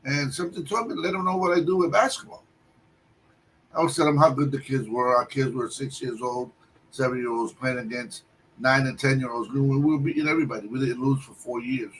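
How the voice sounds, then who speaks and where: A man telling a long personal story on a livestream, halting often and restarting his sentences. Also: medium pitch, fairly bright tone. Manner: halting, with many restarts and fillers. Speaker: guest storyteller. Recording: distant mic with faint background noise.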